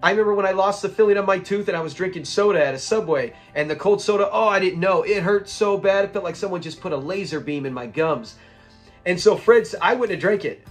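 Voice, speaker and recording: A young man casually breaking down a sitcom episode, excitable and often laughing as he retells scenes. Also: high voice. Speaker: show reviewer.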